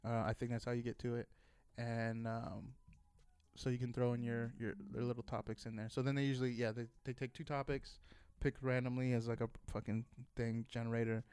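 A man chats loosely on a podcast, wandering through a story with plenty of fillers and casual swearing. His voice comes through smooth and clear. The sound is dry and close, with no room around it. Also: mid-range voice, flat delivery, fairly quick, a little mellow, dry recording. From Texas. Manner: rambling, swears freely, many fillers and restarts. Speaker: podcast host.

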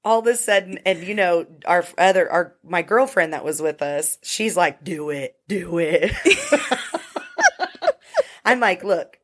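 A woman's voice: lowish voice, expressive, measured pace. A woman telling a story in a casual podcast chat, blunt and profane. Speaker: podcast co-host.

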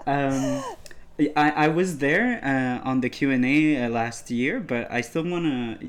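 A man interviewing a guest, asking long, halting questions full of stammers and "like". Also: medium pitch, slight background noise. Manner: halting, stammering, heavy use of "like".

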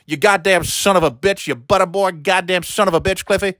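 A man's voice: high voice, fairly quick, fairly bright tone, no room sound. A man playing a crude, bitter old uncle who used to announce baseball. He rambles, stammers and curses in an improvised comic monologue.

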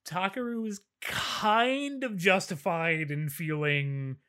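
Male co-host, light higher voice, relaxed chat, steers the recap with frequent laughs. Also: takes it slowly. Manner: laughs often, keeps track of the plot. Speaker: podcast co-host. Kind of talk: casual chat recapping an anime.

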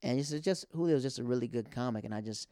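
This young stand-up comic and podcast host talks quickly in a warm, mid-range voice. His casual monologue is loose, rambling, and filler-heavy, recorded dry on a close mic.

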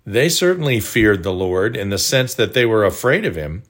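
A man narrating a scripted devotional audiobook in a measured, earnest way. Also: on the low side, big pitch swings, a bit bright.

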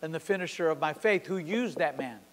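A man in his sixties preaching a sermon at a church service. He tells a story with passion, swinging from sudden loud peaks to quiet drops. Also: fairly high pitch, lively intonation, fairly quick. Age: 60s. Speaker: pastor. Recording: long hall reverb.

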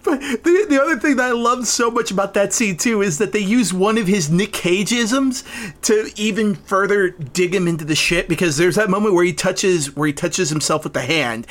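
Enthusiastic high-voiced man discussing films. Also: moderate pace, a bit bright. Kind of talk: casual movie-review chat.

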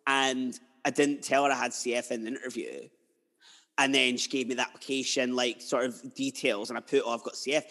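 A man's voice: medium pitch, fairly even intonation, normal speed, pushed and bright. A man hosting a podcast interview, chatty and emotional, drifting into personal stories. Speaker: podcast host. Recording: long hall reverb.

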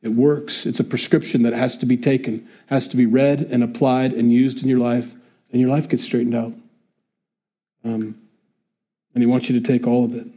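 A man's voice: mid-range voice, little pitch movement, moderate pace, warm tone. A man preaching a conversational sermon, asking his listeners rhetorical questions. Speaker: pastor.

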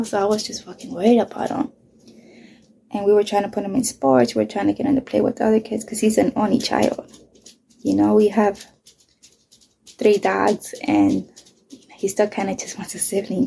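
A woman's voice: medium pitch, lively intonation, moderate pace, gravelly, pauses often, warm tone, a little hiss or hum. A woman in her thirties, speaking bluntly and with lots of swearing, who often drops to a whisper while telling her story. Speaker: vlogger. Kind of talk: casual storytelling.

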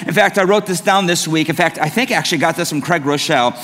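A fast-talking middle-aged pastor, his voice on the high side and a bit bright, preaches in a church sanctuary. The long reverb of the hall surrounds his conversational storytelling, which often turns self-mocking.

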